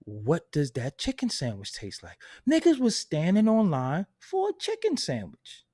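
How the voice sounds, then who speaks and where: A man hosting a hip hop commentary channel, delivering a loud, profane, unfiltered rant and laughing at his own points. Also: a little high, wildly swooping pitch, measured pace, slightly rough. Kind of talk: unfiltered ranting monologue.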